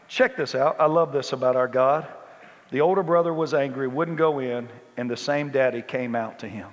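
Passionate male preacher, animated, long church echo. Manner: emphatic, animated, climbs high when worked up. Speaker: guest preacher. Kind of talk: sermon.

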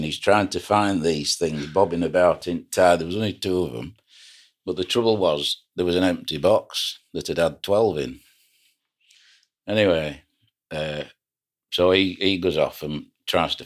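Older man, very deep voice, rambling anecdotal storyteller, ex-skipper. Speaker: retired pilot boat skipper. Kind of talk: reminiscing oral history.

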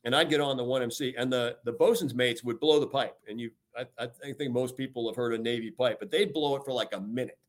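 An older American man, a retired admiral, speaks as a guest in an interview. He talks energetically and emphatically, stressing key words and filling gaps with "you know". His voice sits at an ordinary pitch for a man. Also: quick pace, few pauses. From United States. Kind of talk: podcast interview. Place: talking remotely from home or office.

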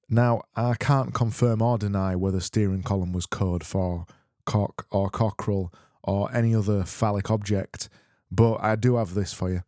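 A man's voice: lowish voice, steady tone, moderate pace, darkish tone, dry recording, faint music behind. Rambling man hosting a podcast. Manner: rambling, self-mocking, sweary. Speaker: podcast host. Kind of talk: casual solo podcast chat.

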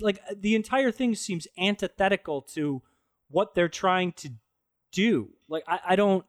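A man's voice: sits high, dry recording, studio quality. A man co-hosting a casual movie review podcast, rambling, sarcastic and swearing freely. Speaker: podcast co-host.

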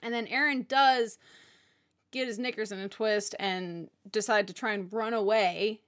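A woman's voice: medium pitch, steady tone, measured pace, fairly bright tone. A woman co-hosting a podcast, chatting casually and emphatically about a romance novel. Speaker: podcast co-host. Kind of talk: casual book recap chat.

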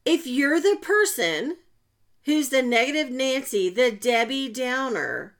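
Animated, chatty woman podcast host. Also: sits high, slow. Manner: chatty, animated, self-mocking, with sudden loud bursts. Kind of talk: motivational podcast monologue.

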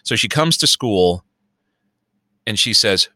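Chicago man, fifties, podcast co-host, animated storyteller, crisp and bright voice, dry recording. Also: lowish voice, slow, no echo. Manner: storytelling, animated, swears freely. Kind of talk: casual chat.

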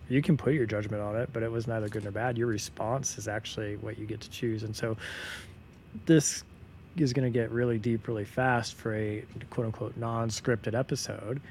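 A man's voice: fairly low pitch, steady tone, moderate pace, darkish tone, slight background noise. A man co-hosting a podcast as a yoga teacher, explaining in an earnest, emphatic way in unscripted conversation.

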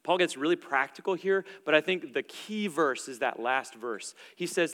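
A young adult man preaching a sermon in a relaxed, conversational way, with plenty of filler words. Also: a little high, moderate pace. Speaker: pastor. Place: church auditorium stage. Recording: long reverb from a large hall.

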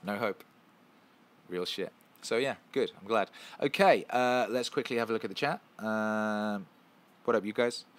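A man's voice: on the low side, a little slow. A man hosting a casual live stream, answering chat questions in an emphatic, profane, repetitive way.

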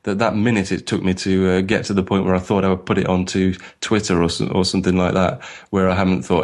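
A man's voice: low voice, steady tone, quick pace, hardly any pauses. A man co-hosting a podcast in a casual, rambling, self-mocking way, with many fillers and restarts. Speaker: podcast co-host.

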